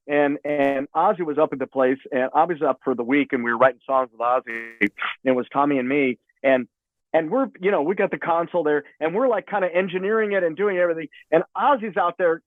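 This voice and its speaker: A man with a fairly high voice spins a loose, rambling anecdote, doubling back on his words and swearing freely. His voice comes through thin and tinny, like a phone call, with a dry, close sound. He talks as a guest on a chat show. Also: brisk, no room sound. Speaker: guest musician. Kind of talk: casual storytelling.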